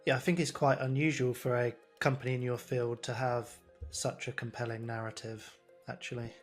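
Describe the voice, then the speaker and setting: A man with a mid-range voice, hosting an interview and asking polite, measured questions. Faint music plays behind him. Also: mid-range voice, little pitch movement. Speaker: interviewer, host.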